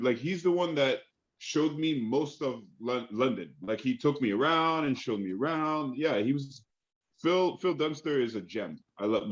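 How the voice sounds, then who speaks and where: Man, actor guest, eager and chatty, muffled lo-fi sound. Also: medium pitch. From Canada. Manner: enthusiastic, lots of fillers and restarts. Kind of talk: casual interview chat.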